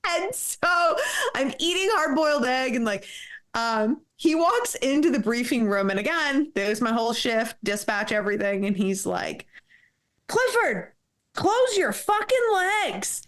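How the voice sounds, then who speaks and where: A woman's voice: on the high side, moderate pace, fairly bright tone. Blunt, profane woman telling a story. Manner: blunt, profane, laughs often. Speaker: podcast guest. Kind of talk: candid interview storytelling.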